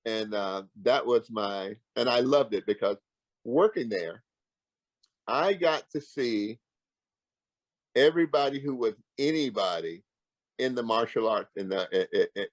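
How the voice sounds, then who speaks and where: A man's voice: mid-range voice, measured pace, pauses often, no room sound, rough recording. An older man, a martial arts grand master, telling stories as an interview guest, acting out the dialogue with lots of restarts. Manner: animated, acts out quoted dialogue with frequent restarts. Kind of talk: casual storytelling.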